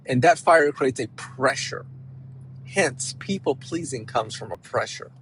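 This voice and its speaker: A man, a counselor, giving an emphatic, animated motivational talk and often checking in with "right?". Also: mid-range voice, measured pace, a little hiss or hum, low-quality recording.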